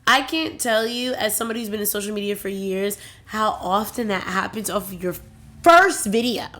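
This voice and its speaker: Young woman co-host, casual, affirming, mid-pitched. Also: animated, normal speed, a bit bright. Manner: supportive, affirming. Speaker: podcast co-host. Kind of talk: casual chat.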